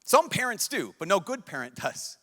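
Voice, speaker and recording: At normal speed, a young priest preaches in a high-sitting, fairly bright voice with big pitch swings, earnestly pleading and repeating himself. His emotional sermon reaches a large crowd at a youth conference in a large conference hall, recorded with long hall reverb.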